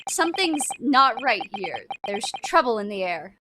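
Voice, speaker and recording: A woman's voice: fairly high pitch, big pitch swings, unhurried, noisy background. A woman streamer giving casual gameplay commentary, enthusiastic and chatty, stumbling over her words. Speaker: video game streamer. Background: game music.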